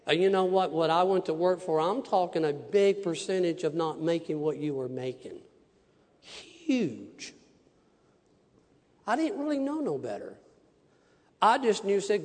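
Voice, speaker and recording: High-voiced male preacher in a reverberant hall. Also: normal speed. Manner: animated storyteller acting out dialogues. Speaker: minister. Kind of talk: testimony sermon to a congregation. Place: church sanctuary. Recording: long church-hall reverb.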